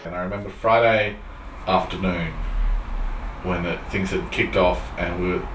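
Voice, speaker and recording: A man, an event organiser, recalling the start of a premiere in an excited interview. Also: low voice, moderate pace, slight background noise. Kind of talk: casual interview anecdote. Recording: roomy and distant.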